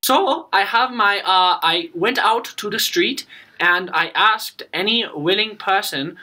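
A young man playing a mock news reporter in a school comedy sketch, hesitant and filling pauses with ums. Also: sits high, exaggerated voice. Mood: deadpan. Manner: hesitant, full of ums and uhs, deadpan. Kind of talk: amateur comedy news parody.

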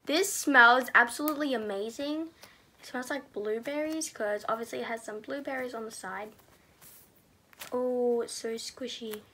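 A teenage girl reviewing squishy toys in a casual, gushing way, sometimes dropping to a soft murmur. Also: a little high, normal speed, slight background noise. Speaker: squishy haul vlogger.

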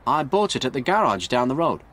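A man's voice: mid-range voice, sing-song, a little fast, a bit bright. A man voicing an eager, restless seventeen-year-old lad. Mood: earnest.

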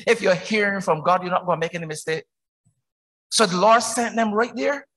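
A man with a Barbadian accent preaches in a church. His voice sits very high and rings bright and forceful. He presses his point with one rhetorical question after another, rising to shouts. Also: brisk. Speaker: pastor. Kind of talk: sermon.

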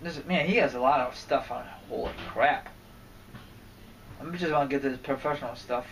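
A man's voice: medium pitch, brisk, fairly bright tone. A man giving a rambling, casual rant as a wrestling fan vlogger, cursing and getting irritated as he goes. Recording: distant mic, faint background noise.

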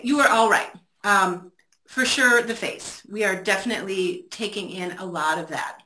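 A woman's voice: mid-range voice, pushed and bright. A woman giving a virtual training talk, engaging her audience with questions over a video call. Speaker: presenter. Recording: roomy echo, faint noise.

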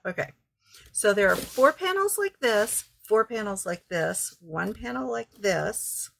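Husky low-voiced woman showing off thrift finds. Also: fairly bright tone. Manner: chatty, rambling, self-correcting. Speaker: craft vlogger. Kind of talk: casual show-and-tell haul.

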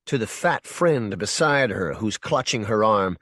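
A man narrating a short story for an audiobook in a measured, intense second-person voice. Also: mid-range voice, expressive, no echo, clean studio sound. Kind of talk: scripted narration.

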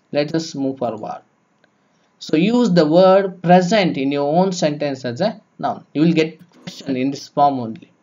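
A man teaching a grammar lesson, explaining slowly and repeating points step by step. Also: on the high side, darkish tone. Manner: slow, repetitive, explaining step by step. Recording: dull lo-fi recording.

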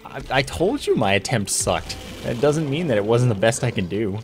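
A man's voice: mid-range voice, big pitch swings, moderate pace, music in the background. A man streaming a video game live, chatting casually with his viewers in a wry, self-deprecating way. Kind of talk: live gameplay commentary.

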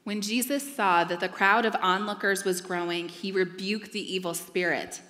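A woman's voice: medium pitch, steady tone, normal speed, sharp tone. A woman reading a scripture passage aloud in a church service. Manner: clear narrative reading. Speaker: scripture reader. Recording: long church reverb.

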